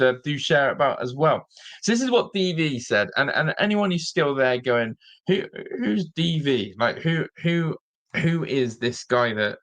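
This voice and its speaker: Male fan-show host, mid-pitched, exasperated live rant. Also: fairly bright tone. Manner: exasperated, repeats himself, mocking.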